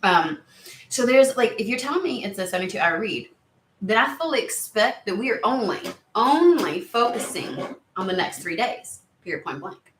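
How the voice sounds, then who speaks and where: A woman's voice: medium pitch, very animated, moderate pace, a bit bright, reverberant, a little hiss or hum. A woman giving a casual tarot reading to camera, chatty and rambling, easily sidetracked. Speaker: tarot reader.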